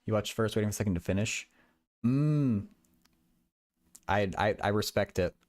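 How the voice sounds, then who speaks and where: A man's voice: on the low side, moderate pace, darkish tone. A young man livestreaming while he does math homework, chatting casually and often stammering and repeating words.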